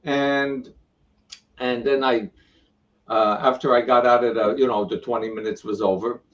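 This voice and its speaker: Man telling his spiritual story as a guest, lively and acting out quotes, set back from the mic. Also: medium pitch, a little slow, far from the mic, dull audio. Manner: retells events with repeated "I go" and acted-out quotes. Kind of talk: animated personal storytelling.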